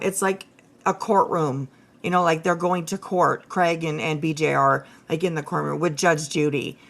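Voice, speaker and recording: Female streamer, slightly low-pitched, blunt and profane, rants in a loose, chatty style. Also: a bit bright. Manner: many fillers and restarts, talks to chat. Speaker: livestream host. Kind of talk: casual livestream commentary.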